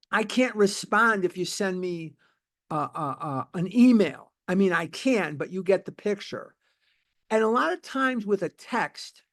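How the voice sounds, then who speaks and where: A man teaching a recovery book study in an informal, emphatic and repetitive conversational way. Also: high voice.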